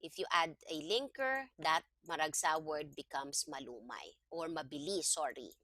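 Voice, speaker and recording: A woman's voice: deep voice, animated, normal speed, bright, forceful tone, no room sound. A woman teaching a Tagalog lesson one-on-one, explaining patiently and step by step. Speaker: Tagalog tutor.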